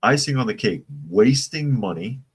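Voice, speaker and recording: A man's voice: medium pitch, expressive, moderate pace, husky. A man hosting a casual live-stream commentary show, opinionated and rambling, reading viewer chat comments aloud. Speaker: political commentary channel host.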